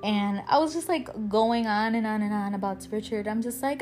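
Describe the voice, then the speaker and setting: A young woman hosts a podcast, speaking candidly and emotionally about her own life in a casual personal monologue. Her medium-pitched voice has lively intonation at a moderate pace, she swears freely and laughs now and then, and faint music plays behind her.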